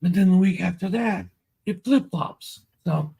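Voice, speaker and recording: A man's voice: high-pitched, a little slow, gravelly, dark tone, slightly rough. A man co-hosting a casual sports podcast as analyst, emphatic and slangy with blunt opinions. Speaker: co-host and fantasy analyst. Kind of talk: casual fantasy basketball podcast chat.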